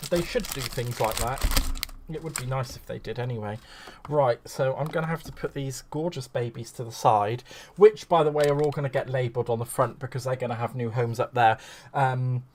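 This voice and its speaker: A man's voice: mid-range voice, a little hiss or hum. Chatty man gushing over crafts. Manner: gushing, rambling, greets viewers fondly. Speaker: craft livestream host. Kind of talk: chatty live crafting stream.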